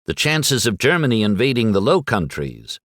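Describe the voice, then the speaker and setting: A man's voice: lowish voice, sing-song, normal speed, a bit bright, no room sound, studio quality. A man voicing an earnest teenage schoolboy who speaks with confident certainty. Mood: answering. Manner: earnest and sure of himself.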